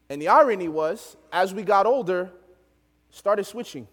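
A young man preaching, telling a story from his childhood in an animated way, laughing often and acting out the voices of the people in it. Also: high voice, normal speed, big-room sound. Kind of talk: storytelling sermon.

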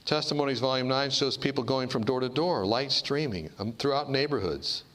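A man preaching a sermon to a congregation, animated and rhetorical, calling for amens and asking questions of the crowd. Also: mid-range voice, moderate pace, slight background noise. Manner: animated, rhetorical call-and-response with the audience. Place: church hall before a congregation.

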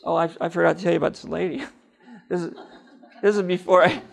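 A middle-aged man telling his personal faith testimony, animated, acting out the dialogue in his story. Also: high-pitched, fairly quick, vocal fry.

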